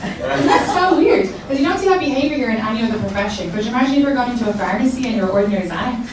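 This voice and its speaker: A woman from Ireland with an Irish accent, performing a stand-up comedy set with deadpan punchlines. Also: a little high, very fast. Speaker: stand-up comic. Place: comedy show venue. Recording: echoey room from far off, loud noise. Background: audience laughter.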